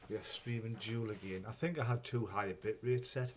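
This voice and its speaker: Casual male streamer, lowish voice, rambling and sweary. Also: fairly even intonation, a little fast, slight background noise. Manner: rambling, swears freely, chuckles often. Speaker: live-stream host. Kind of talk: casual live-stream chat.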